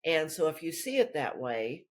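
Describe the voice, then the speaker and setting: A woman's voice: low-pitched, very animated, normal speed. A woman author talking through her work in a rambling, chatty way during an interview. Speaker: author guest. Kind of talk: casual interview chat.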